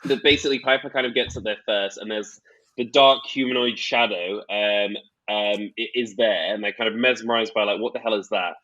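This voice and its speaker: A man's voice: lowish voice, normal speed. Man recapping a book, dull lo-fi sound. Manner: animated storytelling, acts out quotes. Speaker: podcast co-host. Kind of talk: casual book-recap chat.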